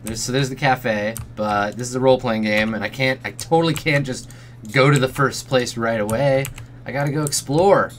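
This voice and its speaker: A man's voice: mid-range voice, normal speed, slight background noise. A man streaming a role-playing game, casually commenting in a jokey way, swearing and often muttering under his breath. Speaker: let's play streamer.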